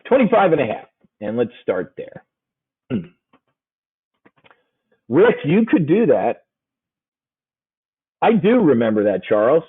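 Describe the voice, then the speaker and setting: Man, options trading coach, husky voice, brash and jokey, casual webinar talk, tinny phone-like audio. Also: mid-range voice, big pitch swings, slow pace, pauses often. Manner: brash, joking, calls listeners "man".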